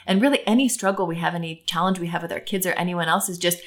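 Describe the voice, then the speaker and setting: A woman's voice: lowish voice, fast talker. A woman co-hosting a casual parenting talk, earnest and thinking aloud with fillers. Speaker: podcast co-host.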